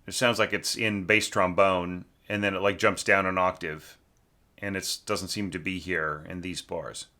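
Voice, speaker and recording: A man's voice: sits low, steady tone, a little slow, pushed and bright. A man teaching orchestration, giving a casual spoken critique of a student's score, thinking aloud with frequent restarts and tag questions, sometimes singing rhythms to show a point. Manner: sings rhythms to demonstrate.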